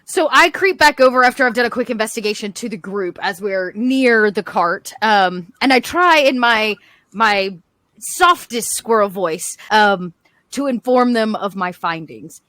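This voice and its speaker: An energetic woman chats as a player in a tabletop game. Her voice is fairly high and bright-toned. It is recorded dry and close. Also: unhurried, no echo. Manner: energetic and chatty. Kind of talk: casual tabletop game chat.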